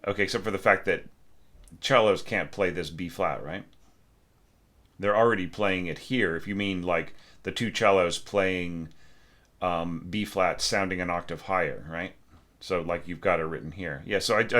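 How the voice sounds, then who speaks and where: A man's voice: low voice, moderate pace, a bit bright. A man reviewing a student's orchestration score in a casual, conversational way, full of fillers and restarts. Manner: hums musical lines aloud. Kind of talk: casual spoken critique.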